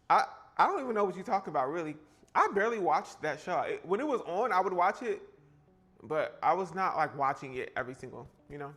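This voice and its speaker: Man, slightly high voice, playful and chatty, live baking stream from a home kitchen. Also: lively intonation, a little fast, fairly bright tone. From South Carolina, US. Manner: chatty, playful, reacts to chat with sassy exclamations. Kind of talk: casual live-stream chat while baking.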